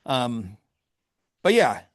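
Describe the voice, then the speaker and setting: A man's voice: mid-range voice, big pitch swings, drawn-out words, no echo, clean studio sound. A man who owns a vineyard, talking candidly and with wry humor in a casual interview, often laughing. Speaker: vineyard owner and grape grower.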